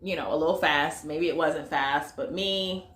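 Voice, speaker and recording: A woman's voice: low-pitched, moderate pace, fairly bright tone. Chatty woman in an echoey room. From United States. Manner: chatty, lots of fillers, addresses viewers as y'all. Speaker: movie reviewer. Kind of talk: casual to-camera vlog review.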